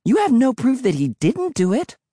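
A man's voice: mid-range voice, wildly swooping pitch, measured pace, warm tone, breathy edge, no room sound, clean studio sound, full character voice. A man voicing a bratty older sister who speaks shrilly and nastily, making demands. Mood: shrill. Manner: nasty, demanding.

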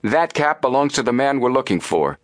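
A man's voice: medium pitch, sing-song, a little fast, voice pushed up, natural voice. A man reading a storybook voices a determined teenage boy detective who talks firmly and tensely. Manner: firm, tense.

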